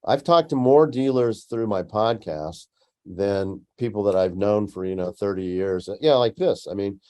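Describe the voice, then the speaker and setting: A man hosting a podcast interview in a relaxed, chatty way, often letting his sentences trail off softly. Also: lowish voice, measured pace. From Tucson, United States. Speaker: podcast host. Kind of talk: casual interview chat.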